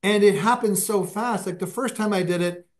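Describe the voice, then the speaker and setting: A man, a podcast guest, telling anecdotes in a casual, animated interview style, his pace speeding up and slowing down. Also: high voice.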